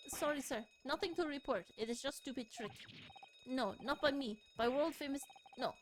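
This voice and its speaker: A woman voicing a gruff male Russian ship crewman in blunt, broken English with a put-on Russian accent. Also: high voice, normal speed, slight background noise, voice pushed up, lightly acted. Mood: defensive. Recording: game music playing behind.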